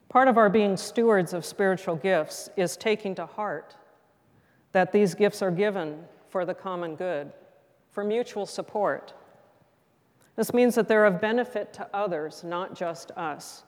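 A middle-aged woman pastor delivering a sermon in a gentle, reflective, measured way. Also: mid-range voice. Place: church sanctuary. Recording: long hall reverb.

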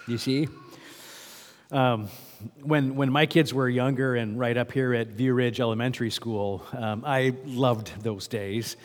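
A man's voice: medium pitch, a little slow, big-room sound. A male pastor giving a sermon in a conversational way, often asking the congregation questions.

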